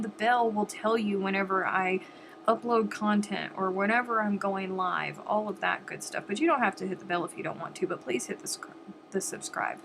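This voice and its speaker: A woman's voice: mid-range voice, moderate pace, gravelly, a bit bright, a little hiss or hum, low-quality recording. A woman hosting a crochet live stream, chatting casually and directly to viewers, with a sniffly, stuffed-up nose.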